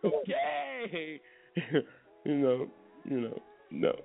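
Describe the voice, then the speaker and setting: A man's voice: on the high side, fairly quick, background noise. A man hosting a casual morning talk show, joking loosely and repeating himself. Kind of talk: casual radio chat. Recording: phone-line sound, faint music.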